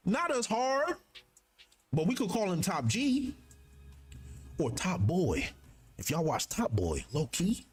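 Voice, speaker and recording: A young man with a high, bouncy voice that leaps all over the place hosts a live stream. He reads the text aloud in bursts, then riffs on it with slangy, playful jokes. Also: wildly swooping pitch, takes it slowly, long pauses, slight background noise. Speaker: streamer reacting to a manga chapter. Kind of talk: casual live-stream commentary.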